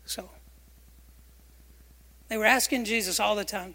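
High-voiced pastor preaching in a reverberant hall. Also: male voice, fairly even intonation, unhurried, long pauses, bright, forceful tone. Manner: emphatic, asks the congregation questions and has them repeat phrases. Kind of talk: sermon. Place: church sanctuary.

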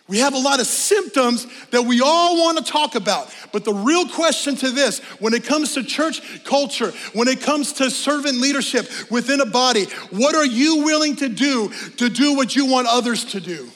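A middle-aged man, a pastor giving a sermon, who talks in an animated way, sometimes rising to shouts and sometimes slipping in joking asides. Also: very high voice, moderate pace, in a large hall. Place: church sanctuary.

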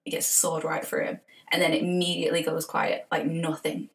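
A woman's voice: low voice, flat delivery, fairly quick, distant mic, poor audio. A woman co-hosting a casual podcast chat, enthusiastic, swearing and calling her friend "baby". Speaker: podcast co-host.

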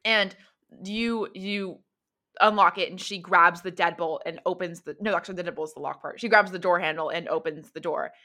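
Woman game master, bright tone, rambling casual narration of a tabletop session. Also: on the low side, brisk. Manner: loose, rambling narration full of fillers. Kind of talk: narrating a tabletop role-play.

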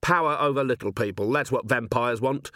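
A man's voice: mid-range voice, brisk, bright, forceful tone, dry recording, lightly acted. A man voicing a weary, blunt male watch commander who talks in a dry, clipped way. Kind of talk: audiobook character voice.

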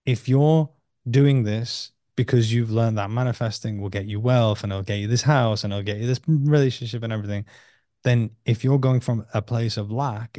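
A man talking casually as a podcast guest, telling a personal story and acting out his inner dialogue with sudden jumps in pitch and blunt swearing. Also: mellow, no room sound, clean studio sound.

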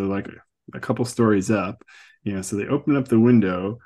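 A man's voice: fairly low pitch, a little mellow. A man hosting a podcast, casually recapping a comic book with fillers and chuckles. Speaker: podcast host.

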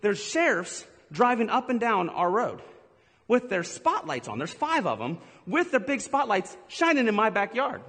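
A middle-aged man preaching a lively sermon, laughing often and acting out his stories. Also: fairly high pitch, moderate pace. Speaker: pastor. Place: church hall. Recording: live in a big echoey hall.

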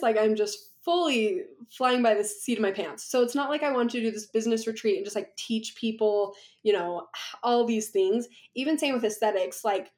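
A woman's voice: fairly high pitch, darkish tone. A young woman talking as a podcast guest in a chatty, rambling way, laughing often. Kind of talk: casual conversation.

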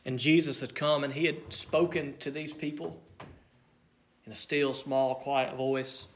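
A man preaching a sermon, earnest and measured, swinging between loud emphasis and near hush. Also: mid-range voice, level tone, slight background noise.

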